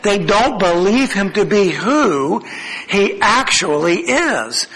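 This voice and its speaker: A man's voice: sing-song, slow, a bit bright. A man preaching a sermon as pastor, emphatic and expository, delivering a structured outline. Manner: emphatic preaching with sweeping pitch. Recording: long reverb of a hall.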